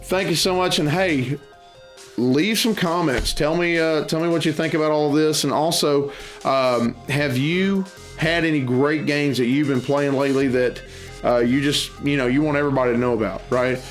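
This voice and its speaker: A man's voice: on the high side, moderate pace, soft background music. A man hosting a board game channel, chatting to camera in a rambling, enthusiastic way, often restarting his sentences. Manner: loud and boisterous at times. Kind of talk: casual chat to camera.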